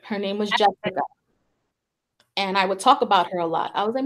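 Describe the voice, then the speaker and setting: A woman's voice: mid-range voice, brisk. A woman hosting a talk show, telling a personal story in a chatty way, full of fillers, and acting out the quoted voices. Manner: chatty, heavy on 'like' and 'you know'. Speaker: show host and psychic medium. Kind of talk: casual storytelling chat.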